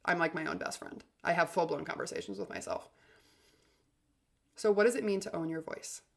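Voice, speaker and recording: A woman's voice: low voice, big pitch swings, a little fast, vocal fry. A woman hosting a motivational podcast about confident communication, with an upbeat, chatty delivery full of "like" and "literally.". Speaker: podcast host and communication coach.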